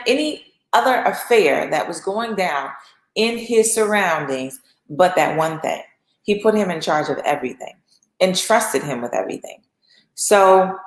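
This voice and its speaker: A woman teaching in a casual, conversational sermon style, telling a story with lively acted asides. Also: lowish voice. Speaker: host and speaker. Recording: echoey room.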